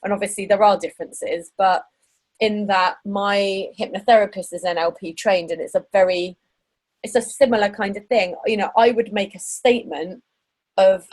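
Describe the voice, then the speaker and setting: A woman hosting a podcast and coaching her guest in casual interview chat, chatty and quick to laugh. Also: medium pitch, poor audio. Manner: chatty, laughs often, animated.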